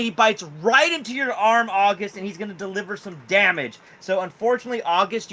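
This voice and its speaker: A man narrating a homebrew tabletop game as game master, in a loose, animated way with many "like"s. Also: sits high.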